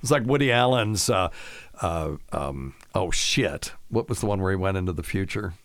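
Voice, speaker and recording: Man, podcast host, low-ish voice, laid-back, jokey, dry close sound. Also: expressive, moderate pace, no echo. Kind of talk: casual interview chat.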